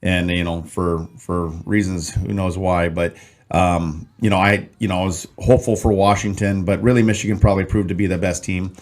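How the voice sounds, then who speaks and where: A man's voice: low voice, fairly even intonation, normal speed, darkish tone. A man co-hosting a podcast, talking casually about betting and sports. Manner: conversational, chatty sports talk. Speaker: podcast co-host. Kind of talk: casual chat.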